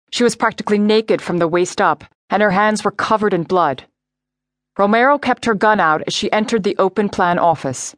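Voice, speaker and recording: A woman narrating a crime story audiobook in a clear, measured reading voice. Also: medium pitch, no echo, clean studio sound. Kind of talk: scripted narration.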